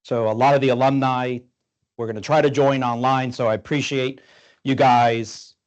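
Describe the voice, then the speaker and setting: A man's voice: medium pitch, steady tone, moderate pace, highs cut off. A man in his fifties giving a conversational grand-rounds lecture to doctors, with rhetorical questions and some fillers. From Tampa, Florida.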